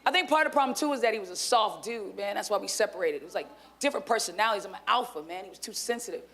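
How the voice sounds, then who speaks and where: A woman's voice: medium pitch, animated, rapid-fire, fairly bright tone, slight background noise. A woman in her thirties doing a stand-up set on a club stage, with brash, crude and profane punchlines. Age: 30s. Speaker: stand-up comedian.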